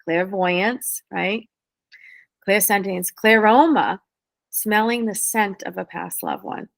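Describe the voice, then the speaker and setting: Fast-talking woman in a dry room. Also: mid-range voice, vocal fry, dry recording. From New England. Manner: lively, fast-flowing explanations. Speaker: spirit medium guest. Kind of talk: casual interview talk.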